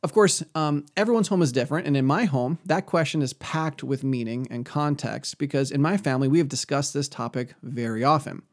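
A man's voice: mid-range voice, brisk, hardly any pauses. A man giving an earnest, conversational Christian teaching on parenting, often quoting scripture. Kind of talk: earnest religious teaching talk.

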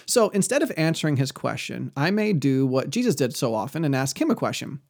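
Gravelly-voiced man teaching Christian parenting. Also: medium pitch, big pitch swings, brisk, darkish tone. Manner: earnest, conversational, scripture-quoting. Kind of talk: earnest religious teaching talk.

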